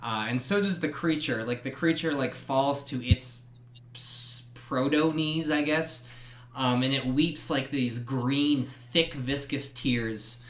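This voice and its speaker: A man running a horror tabletop game as game master, narrating in a relaxed, hesitant way full of ums and uhs. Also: medium pitch, slow, roomy sound.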